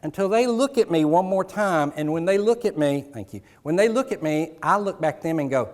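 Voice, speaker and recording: A middle-aged man delivers a motivational keynote with animated storytelling, acting out little scenes with people from the audience. His voice sits a bit high for a man, and it rings out through a large conference hall with a long reverb tail. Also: a little fast. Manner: animated, acts out dialogue with audience. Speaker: keynote speaker.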